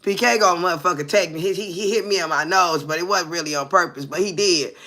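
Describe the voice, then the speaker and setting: A woman's voice: on the low side, fast talker, bright, forceful tone. A woman in her forties co-hosting a live talk show, telling profane, brash stories and constantly asking her listeners whether they hear her. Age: 40s. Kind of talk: casual live chat.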